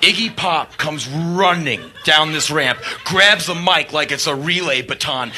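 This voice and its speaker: A man, a touring rock musician, telling a backstage anecdote with animated, profane energy, acting out scenes. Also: on the high side, a little slow, hardly any pauses, heavy background noise. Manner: animated, swearing, acts out scenes, bursts of laughter and shouts. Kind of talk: storytelling anecdote.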